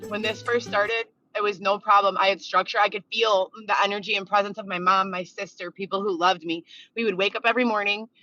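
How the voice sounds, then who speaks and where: A woman's voice: mid-range voice, fairly even intonation, fairly quick, pushed and bright, faint music behind. Agitated, swearing woman on lo-fi audio. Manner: agitated, profane, listing complaints. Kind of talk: venting monologue video. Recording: dull lo-fi clip audio.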